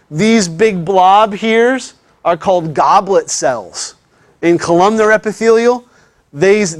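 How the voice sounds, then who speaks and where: A man's voice: sits high, no room sound, clean studio sound. A man teaching a classroom lecture in a chatty way, often checking in with his students.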